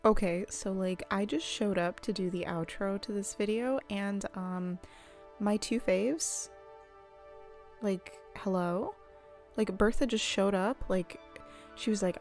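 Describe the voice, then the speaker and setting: A young woman chatting casually over her gameplay, excitable, squealing and swearing at what happens on screen. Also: mid-range voice, measured pace, soft background music. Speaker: gaming channel host.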